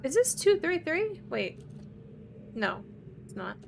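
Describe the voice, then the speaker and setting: Slow-talking woman streamer thinking aloud. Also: very high voice, very animated, gravelly, slight background noise. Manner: muttering to herself, puzzling things out aloud. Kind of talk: casual live game commentary.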